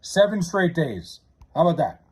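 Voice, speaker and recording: This young livestreamer chats casually while going through his chat, very animated and speaking at a normal speed. He rambles, curses, and keeps starting sentences over. His voice is a little high and husky with a darkish tone, and its pitch moves around a lot.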